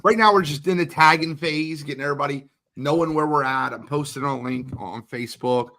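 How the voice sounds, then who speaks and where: A man hosting a livestream draft watch party, hyped and talking quickly, shouting out guests and asking viewers to share. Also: a little high. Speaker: host. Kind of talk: energetic livestream chat.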